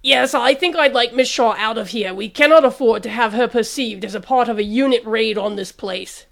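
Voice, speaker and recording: A woman's voice: a little high, moderate pace, gravelly, roomy sound, long reverb tail. A woman voicing a stern male army brigadier who speaks in firm, clipped commands.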